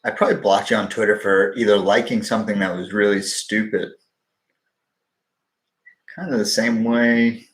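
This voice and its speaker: A man's voice: fairly low pitch, fairly even intonation, moderate pace, long pauses, reverberant. A man hosting a live stream, answering viewers' questions in a blunt, profane, wisecracking way. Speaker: livestream host answering viewer questions on stocks. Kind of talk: casual live-stream chat.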